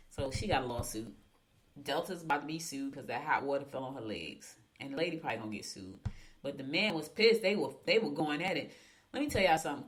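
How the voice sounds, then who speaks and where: A woman's voice: deep voice, slight background noise. A woman hosting a radio show, chatting emphatically through horoscopes and gossipy news stories. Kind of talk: casual radio talk and horoscopes.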